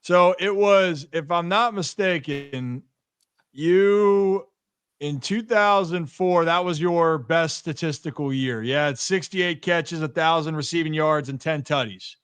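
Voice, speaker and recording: Young male host with a smooth voice. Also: on the high side, takes it slowly, a bit bright. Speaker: podcast host. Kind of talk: casual interview chat.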